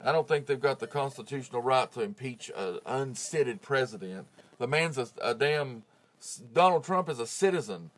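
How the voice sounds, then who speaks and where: A man's voice: medium pitch, lively intonation, moderate pace. Man ranting profanely on his podcast. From United States. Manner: profane, heated, rising to loud outbursts. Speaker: podcast host. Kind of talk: casual ranting monologue. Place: home closet. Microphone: phone with clip-on mic.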